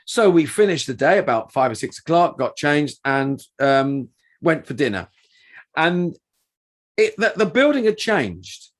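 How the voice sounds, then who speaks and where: Male co-host, middle-aged, animated yarn-spinner, lively upper voice. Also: fairly high pitch, a little slow. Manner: animated storytelling with restarts. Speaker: podcast co-host and touring performer. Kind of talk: casual podcast chat.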